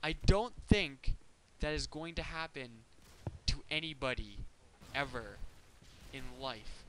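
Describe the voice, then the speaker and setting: A man giving casual commentary over his gameplay, talking in an animated, ranting, incredulous way. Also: on the high side, takes it slowly, noisy background.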